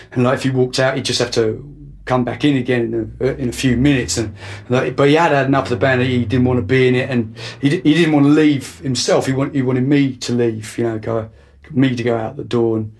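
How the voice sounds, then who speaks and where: A man's voice: medium pitch, gravelly. A young man delivering a rambling, hesitant comic monologue full of restarts. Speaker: comedy monologue performer.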